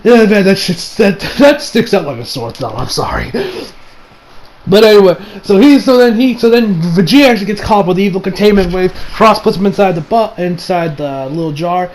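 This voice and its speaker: A man giving a casual anime episode recap, excitable, swearing freely and laughing often. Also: sits high, moderate pace, low-quality recording. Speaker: anime reviewer.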